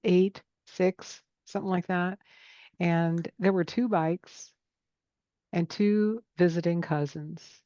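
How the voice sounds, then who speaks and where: A woman's voice: lowish voice, slow pace, no echo. Middle-aged woman host, storytelling, slightly dull lo-fi sound. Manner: storytelling, animated retellings. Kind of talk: casual chat.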